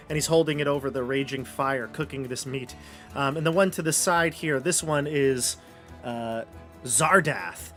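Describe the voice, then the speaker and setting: Guy dming a tabletop game, chatty and rambly, lotsa ums, bright voice, a bit high, faint music behind. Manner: chatty, rambling descriptions with many fillers. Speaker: game master.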